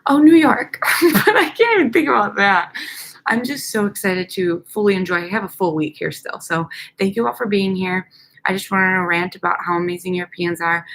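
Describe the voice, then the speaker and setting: A woman's voice: on the low side, vocal fry, a bit bright. Young woman with a Chicago accent, casual vlog host; upbeat, rambling, giggly delivery, recorded outdoors at night. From United States. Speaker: dental hygienist vlogger.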